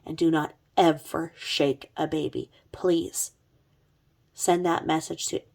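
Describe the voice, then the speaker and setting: Gravelly, low-voiced woman telling true crime. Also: steady tone, slow, a little mellow. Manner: chatty, sarcastic, with blunt asides. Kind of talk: casual vlog narration.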